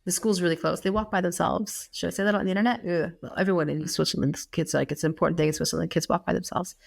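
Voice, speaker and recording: A woman's voice: lowish voice, fairly even intonation, quick pace, vocal fry. An American woman in her thirties co-hosting a podcast, chatting casually with many fillers and frequent laughs. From United States. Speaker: podcast co-host. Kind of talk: casual chat.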